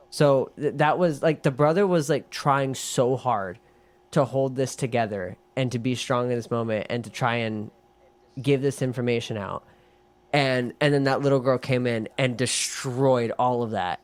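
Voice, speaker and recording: A man co-hosting a podcast, casually recapping a film in an animated way, swearing and acting out quotes. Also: medium pitch, normal speed. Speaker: podcast co-host.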